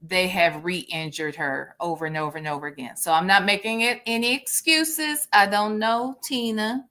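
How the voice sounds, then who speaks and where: A woman hosting a reaction show, giving measured and reflective commentary with some hesitations. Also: medium pitch, bright, forceful tone. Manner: measured, thoughtful, halting.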